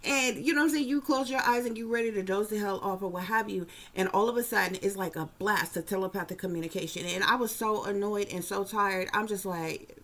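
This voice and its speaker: A woman's voice: medium pitch, fast talker, hardly any pauses, a bit bright. A woman doing a psychic reading for viewers in a blunt, profane, rambling casual talk. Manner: blunt, profane, rambling, repeats "you know what I'm saying". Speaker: psychic reader.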